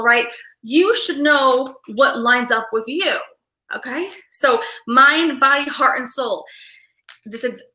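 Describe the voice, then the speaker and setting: A woman hosting a live collective tarot reading, excitable and rambling, who keeps checking in with her listeners. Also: fairly high pitch, roomy sound, poor audio. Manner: excitable and rambling, with frequent "okay?" and "right?" check-ins. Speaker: tarot reader and livestream host.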